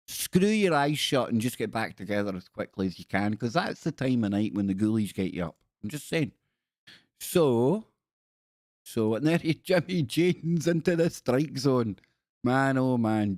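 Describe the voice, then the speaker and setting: A man's voice: mid-range voice, darkish tone, dry recording, studio quality. A man hosting a casual livestream, reading viewer stories aloud with playful, rambling asides and jokey spooky voices. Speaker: livestream host.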